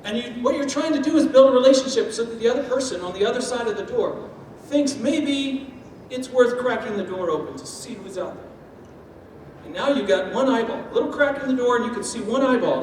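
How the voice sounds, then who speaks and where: A man giving a lively talk to an audience, using food analogies and acting out quoted voices. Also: very high voice, slight background noise. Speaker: speaker on step parenting. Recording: echoey hall from far off, faint ambience.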